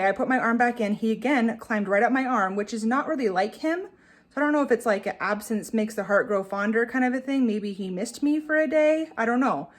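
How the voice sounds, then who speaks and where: A woman vlogging about her pets, telling a long, rambling story in a chatty way and often correcting herself mid-sentence. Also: on the high side. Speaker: pet owner vlogger. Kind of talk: casual vlog recap.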